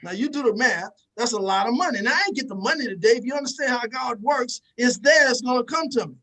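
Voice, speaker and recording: A man's voice: extremely high pitch, animated, fast, bright, forceful tone, rough recording. Emphatic man giving a preachy motivational talk. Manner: emphatic, repetitive, addresses the audience directly. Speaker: motivational speaker.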